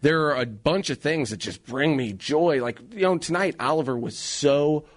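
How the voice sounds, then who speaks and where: A man in his thirties co-hosting a radio talk show, earnest and excitable, with slangy casual chat in a studio. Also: a little high, moderate pace. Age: 30s.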